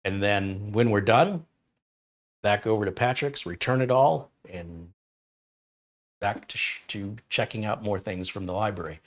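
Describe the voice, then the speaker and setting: Man, tech stream host, casual storytelling, low voice, laughs a lot. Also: unhurried. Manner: chatty, storytelling, laughs often. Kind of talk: casual live-stream chat.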